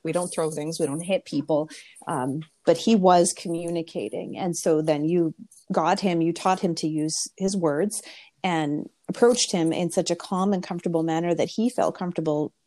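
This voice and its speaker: A woman interviewing a guest in a relaxed, curious, affirming way. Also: lowish voice, moderate pace. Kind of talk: casual interview.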